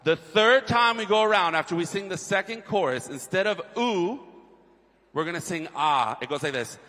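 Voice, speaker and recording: A man on a concert stage teaching an audience a sing-along, energetic and encouraging. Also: sits high, moderate pace. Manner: energetic and encouraging, shifts between coaching talk and singing. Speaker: audience singing leader. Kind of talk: leading a crowd sing-along rehearsal. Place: large concert hall with balcony. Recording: live hall with piano accompaniment. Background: piano.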